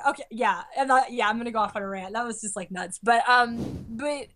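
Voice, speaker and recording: A young woman chatting casually, an animated storyteller full of fillers who acts out quotes. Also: a little high, a little fast, hardly any pauses. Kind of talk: casual chat.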